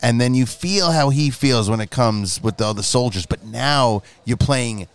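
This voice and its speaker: A man co-hosting a casual movie podcast, animated and joking, laughing often. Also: mid-range voice, moderate pace, smooth. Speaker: podcast co-host. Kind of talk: casual movie review chat.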